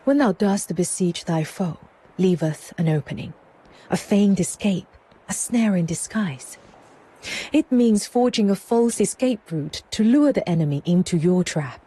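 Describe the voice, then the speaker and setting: Husky, shrewd merchant proprietress. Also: female voice, lowish voice, measured pace. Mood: knowing. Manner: calm, polished, cunning. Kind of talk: game cutscene voice acting.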